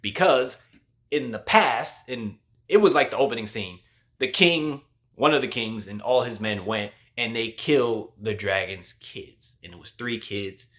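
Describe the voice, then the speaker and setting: A man's voice: mid-range voice, unhurried, a bit bright. A male host giving a casual spoiler movie review, retelling the plot in a loose, slangy way with lots of "like".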